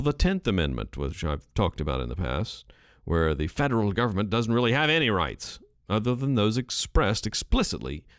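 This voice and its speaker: A lively man riffs on his own, his pitch bouncing up and down as he thinks aloud. He sits close to a studio mic in a dead, dry room. His tone is casual and chatty, and he rambles a little. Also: clear, resonant tone, no room sound. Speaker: podcast host. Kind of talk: casual solo commentary. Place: home recording studio. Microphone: studio microphone.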